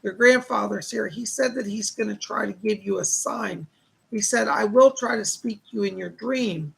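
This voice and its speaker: A man doing live psychic readings on a stream, calmly reassuring viewers and passing on messages. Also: high voice, moderate pace, vocal fry, slight background noise. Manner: reassuring, relays spirit messages, reads viewer questions aloud.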